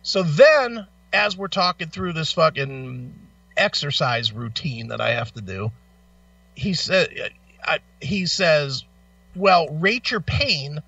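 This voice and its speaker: A man's voice: on the high side, slow pace, gravelly, no room sound. A man co-hosting a radio show, telling an angry, profane story in casual chat while in back pain. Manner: animated, swearing storyteller. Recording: distant, dull lo-fi mic.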